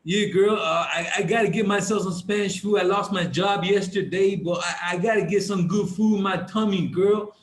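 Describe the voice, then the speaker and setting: A man's voice: high-pitched, steady tone, normal speed, hardly any pauses, roomy sound, close to an everyday voice. A man putting on an American accent to play a brash young man who is hungry and broke. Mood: cheeky. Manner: slangy, casual.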